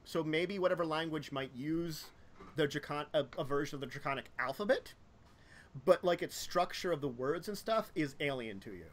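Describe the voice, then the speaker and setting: A man narrating as game master, describing scenes in loose, halting speech full of ums and likes. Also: on the high side, animated, fairly bright tone.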